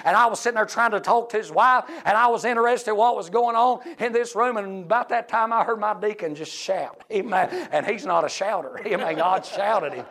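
A middle-aged male preacher with a high, gravelly voice delivers a revival-style sermon in a church service. He is fervent, dropping to hushed storytelling and then climbing to shouts.

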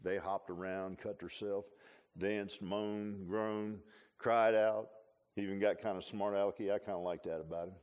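A pastor giving a conversational sermon in a folksy manner, often repeating and restarting phrases and adding humorous asides. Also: male voice, fairly low pitch, steady tone, moderate pace, darkish tone, clean tone.

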